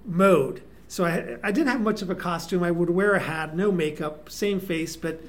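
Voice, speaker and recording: A man, a guest performer, telling casual anecdotes in an animated way with frequent restarts. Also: high voice, moderate pace. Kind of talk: casual storytelling.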